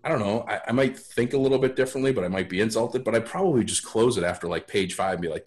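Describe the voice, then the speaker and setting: A man's voice: lowish voice, fast talker, hardly any pauses. A man guesting on a podcast, telling stories in a blunt, frank way and often restarting his sentences. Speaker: podcast guest, sales author. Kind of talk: casual storytelling.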